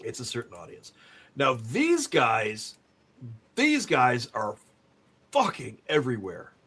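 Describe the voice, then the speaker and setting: A man's voice: mid-range voice, wildly swooping pitch, takes it slowly, a bit bright, slightly rough. A man from the Upper Peninsula of Michigan hosting a casual podcast, making wry jokes. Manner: wry, joking commentary. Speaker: podcast host.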